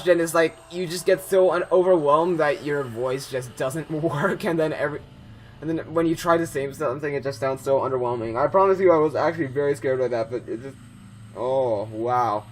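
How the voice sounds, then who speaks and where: A man's voice: a little high, moderate pace. A young man commentating a horror game he is playing, rambling with lots of fillers and restarts, easily startled. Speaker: gameplay commentator.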